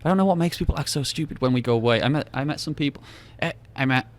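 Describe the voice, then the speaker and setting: A man's voice: mid-range voice, very fast. A young British man chatting as a podcast guest, telling stories with lots of restarts and acted-out dialogue. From Britain. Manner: rambling storyteller who acts out dialogue with repeated restarts. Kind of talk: casual chat.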